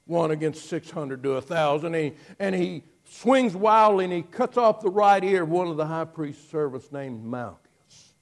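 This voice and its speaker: A man preaching a sermon, telling the story dramatically and moving between hushed passages and loud ones. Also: a little high, animated, moderate pace, hardly any pauses.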